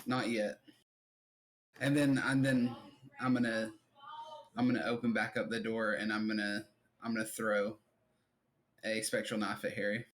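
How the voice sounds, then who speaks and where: A man playing in a tabletop game, declaring his actions in terse, quick statements. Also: fairly low pitch, level tone, a bit bright. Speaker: player. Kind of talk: casual tabletop play.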